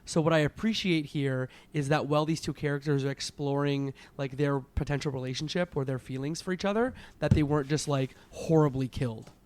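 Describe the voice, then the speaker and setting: A man's voice: a little high, fairly quick, hardly any pauses, darkish tone. A man, a podcast guest, talking through his thoughts with many filler words. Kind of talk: casual chat.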